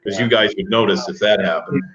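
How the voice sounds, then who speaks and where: A man's voice: lowish voice, steady tone, fairly quick, fairly bright tone. A man hosting a casual live stream, easygoing, chuckling and thinking aloud as he talks. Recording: dull lo-fi stream audio.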